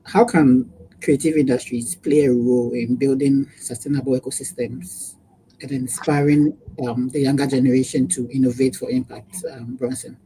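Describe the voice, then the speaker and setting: A man's voice: mid-range voice, fairly even intonation, moderate pace, warm tone, a little hiss or hum, poor audio. A man moderating a panel discussion, handing off questions with brief, polite prompts and fillers.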